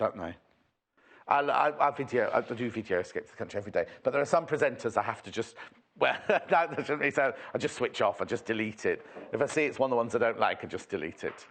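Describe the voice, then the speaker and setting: A man's voice: medium pitch, a bit bright. A man presenting a TV shopping show in a chatty, rambling, jokey way, full of asides. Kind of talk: chatty live sales presentation.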